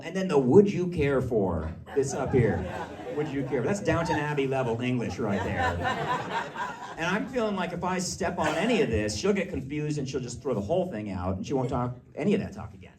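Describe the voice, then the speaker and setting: Male comedian, stand-up set, animated storytelling, distant live recording, crowd laughter. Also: fairly high pitch. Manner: lively, animated storytelling with quick asides. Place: small live comedy venue. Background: audience laughter.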